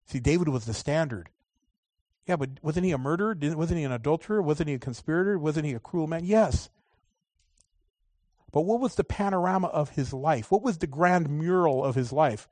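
A man preaching a sermon, moving between loud, drawn-out emphasis and quiet asides. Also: a little high, no echo.

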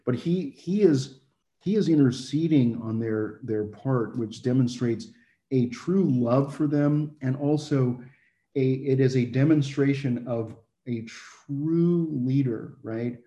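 Man, Bible teaching, casual, restarts and fillers, dark warm tone, roomy echo. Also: mid-range voice, slow pace. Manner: conversational, many fillers and restarts.

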